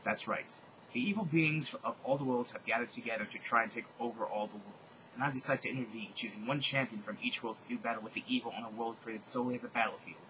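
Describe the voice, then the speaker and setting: A solemn mystical male guide, as a man acts him out, speaking low and hushed. He draws out each grave pronouncement calmly. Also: fast, few pauses, background noise, natural voice.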